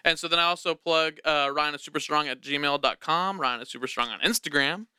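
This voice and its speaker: A man's voice: fairly high pitch, a little fast, bright, forceful tone, smooth, dry recording. A man hosting a casual podcast in a studio, upbeat and jokey, laughing often. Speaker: podcast host.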